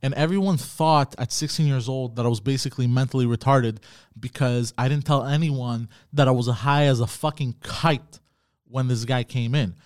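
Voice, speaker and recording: Young male solo podcaster. Casual, profane, animated storytelling. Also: medium pitch, moderate pace, clear, resonant tone. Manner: profane, animated storyteller reading chat comments. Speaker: podcast host.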